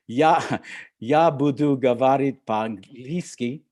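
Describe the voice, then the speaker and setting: Speaking slightly slowly with a darkish, medium-pitched voice, an older film director addresses an audience on a video call. It's a relaxed guest talk marked by hesitation, frequent fillers, restarts and chuckles.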